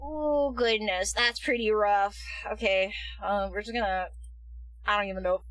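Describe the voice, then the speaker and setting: A woman streaming a game, giggling, apologizing to her chat and cheering loudly at the screen. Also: mid-range voice, unhurried, no echo, far from the mic, rough recording. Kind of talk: casual live-stream commentary. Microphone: headphones on, desk mic.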